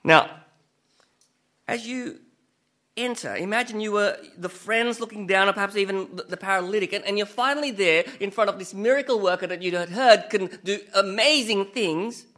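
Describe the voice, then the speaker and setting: A male preacher with a high voice gives a chatty sermon. His tone is bright and a little tense, and he keeps turning to the listeners with rhetorical questions and self-mocking asides. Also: normal speed. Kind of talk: conversational sermon.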